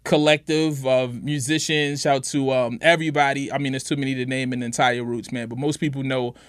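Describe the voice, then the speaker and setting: A man's voice: medium pitch, steady tone, fairly quick, smooth, no room sound. A middle-aged man co-hosting a podcast in casual chat, laid-back and full of "you know what I'm saying". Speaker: podcast co-host.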